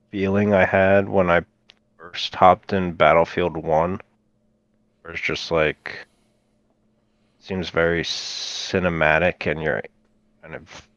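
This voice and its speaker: A man speaking as a podcast guest, halting and measured. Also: low-pitched, fairly bright tone, dry recording. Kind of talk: casual podcast chat. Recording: slightly dull lo-fi audio.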